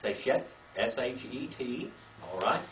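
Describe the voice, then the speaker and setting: Slow older male Bible teacher. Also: mid-range voice, background noise. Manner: slow and patient, spells words out letter by letter. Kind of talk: classroom Hebrew reading lesson. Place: classroom with a small group. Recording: echoey, distant, dull lo-fi room recording.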